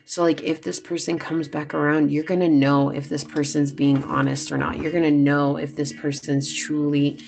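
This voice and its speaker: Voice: medium pitch, flat delivery, moderate pace, creaky, hardly any pauses, a little mellow. A tarot reader giving a casual, chatty reading to viewers, talking loosely with lots of fillers.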